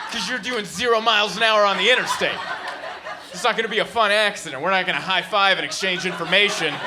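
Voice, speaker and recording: High-voiced stand-up comedian, animated. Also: male voice. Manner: animated, exasperated storytelling. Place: comedy club stage. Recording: live club recording with background noise.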